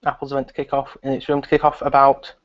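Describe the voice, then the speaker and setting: Guy rambling to his stream viewers, mid-pitched voice, kinda muffled lo-fi sound. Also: monotone, quick pace. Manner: rambling, chatty, addressing viewers. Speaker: live stream host. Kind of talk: casual live stream chat. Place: relative's house, indoors.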